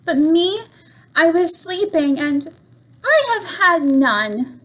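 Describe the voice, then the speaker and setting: A woman voicing a big bear who complains about being left out, in a sulky, louder storybook voice. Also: very high voice, expressive, takes it slowly, pitched above the performer's own voice, heavily acted. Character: grumpy big bear woken from sleep.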